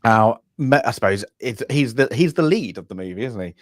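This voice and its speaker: A man's voice: medium pitch, lively intonation, fairly quick, no room sound, studio quality. A man co-hosting a casual film review chat, rambling with many restarts and blunt remarks.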